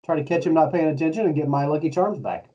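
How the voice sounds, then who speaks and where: Mellow man heard from a distance. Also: a little high, fast. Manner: laid-back, chuckling, storytelling. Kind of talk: casual chat. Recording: distant, muffled lo-fi mic.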